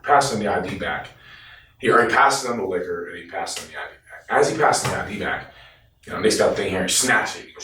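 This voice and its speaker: A man's voice: fairly low pitch, brisk, a little hiss or hum. Blunt, cursing man, roomy and distant. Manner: blunt, profane, animated retelling with quoted voices. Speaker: interviewee, former team member. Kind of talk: casual interview storytelling. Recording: roomy echo, distant from the mic.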